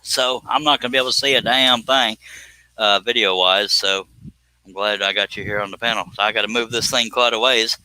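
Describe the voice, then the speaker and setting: A man's voice: fairly low pitch, fairly even intonation, a little fast, pushed and bright, clear, resonant tone, no room sound, low-quality recording. A man, hosting a live stream and chatting casually while he works, rambling and self-deprecating.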